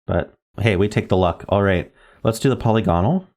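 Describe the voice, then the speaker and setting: A man streaming word games talks through puzzles in a low, deep, slightly mellow voice at a slightly fast clip. He spells letters, muses on guesses and fixes himself mid-sentence, with keyboard typing audible.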